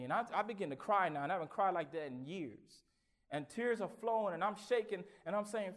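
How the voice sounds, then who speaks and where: A man preaching a sermon with his own testimony, swinging from hushed, halting recollection to loud exclamations, often stammering and repeating words. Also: on the high side, lively intonation.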